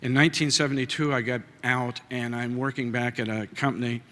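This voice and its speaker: A man's voice: mid-range voice, little pitch movement, brisk, bright, forceful tone. Folksy man giving a heartfelt acceptance speech. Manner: folksy and heartfelt, with many filler uhs. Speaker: award inductee. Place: large banquet hall. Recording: reverberant hall.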